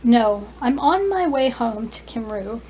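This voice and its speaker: A woman's voice: on the high side, animated, unhurried, mellow, a little hiss or hum, poor audio. A woman voicing a courteous Welsh dragon. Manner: formal, polite phrasing. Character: friendly male dragon, proud, courteous.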